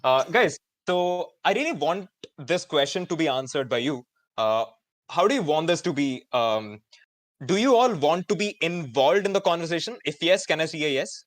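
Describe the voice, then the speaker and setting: A man in his twenties with an Indian English accent, hosting a live online student event in an energetic, chatty way with many fillers. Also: on the high side, moderate pace, dry recording. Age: 20s. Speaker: host.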